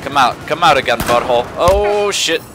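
Against a noisy background, a man offers laid-back gameplay commentary, speaking slowly in a medium-pitched voice with lively intonation. He adopts an affected genteel accent and is easily startled, letting out exclamations again and again.

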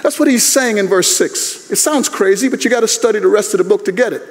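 A man's voice: high-pitched, fast. A male pastor giving a chapel sermon, preaching emphatically and conversationally with many rhetorical questions. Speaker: guest chapel speaker, pastor. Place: university chapel. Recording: echoey hall.

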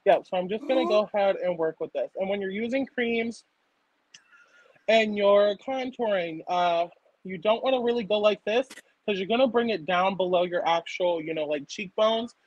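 A young woman chatting casually as she walks through a makeup tutorial on camera, full of fillers and quick to burst out laughing. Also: mid-range voice, dry recording, highs cut off. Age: young adult. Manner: chatty, filler-heavy, breaks into loud laughter. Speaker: makeup artist guest. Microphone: laptop or phone camera.

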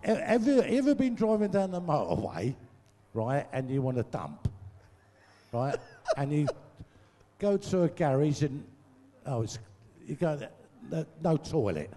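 A man's voice: fairly high pitch, wildly swooping pitch, a little slow, pauses often, mellow. An older man telling crude, sweary comic anecdotes to a live audience on a stage microphone, laughing at his own jokes. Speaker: guest storyteller. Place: large venue, live audience show. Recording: echoey hall.

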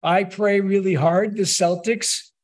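High-voiced rabbi giving a wry sermon. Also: male voice, fairly even intonation, a little slow. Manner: conversational, wry storytelling. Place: synagogue sanctuary.

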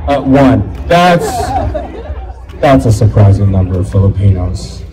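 Speaking a little slowly in a fairly low voice, a young comedian works a live crowd on stage, acting out voices in an animated set. Laughter from the audience fills the poor-quality audio.

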